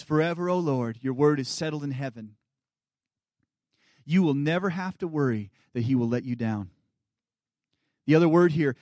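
Male guest preacher, 30s, earnest sermon delivery, a bit high in pitch, dry close-miked sound. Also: no echo. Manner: earnest preaching, dropping to soft quiet asides. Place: church sanctuary.

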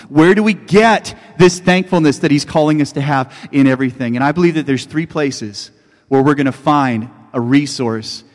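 A man's voice: on the high side, in a large hall. A man preaching a sermon as a pastor, telling stories in a conversational way and building to fervent exclamations.

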